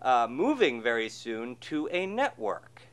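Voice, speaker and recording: A man's voice: medium pitch, big pitch swings, a little slow, fairly bright tone, smooth. A man co-hosting a show in casual chat, easygoing and self-deprecating. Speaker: co-host.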